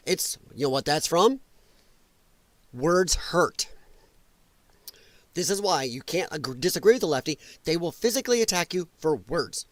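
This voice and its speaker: A man's voice: a little high, no room sound. A man hosting a political podcast, delivering an angry, profane rant full of mocking voices. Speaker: podcast host.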